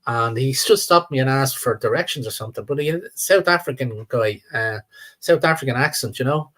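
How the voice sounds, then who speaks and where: A man's voice: mid-range voice, a little fast, a bit bright. An older Irish man talking in a rambling, repetitive way as a guest on a live-stream chat. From Ireland. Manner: rambling, repeats words, trails off.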